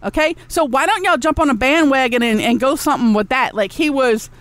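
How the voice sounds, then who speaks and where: A woman's voice: sits high, brisk, no room sound. A woman hosting a podcast, ranting with profanity and loose slang. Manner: profane, exasperated, heavy drawl of casual slang. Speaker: podcast host.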